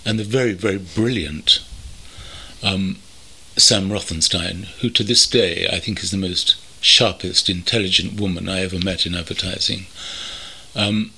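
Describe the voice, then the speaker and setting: An older man from North London, reminiscing thoughtfully as an interview guest, pausing often with ums. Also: low voice, steady tone, vocal fry, pushed and bright, a little hiss or hum. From North London, England. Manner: thoughtful, measured, with many pauses and ums. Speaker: interview guest, veteran copywriter. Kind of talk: reflective reminiscing. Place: country home.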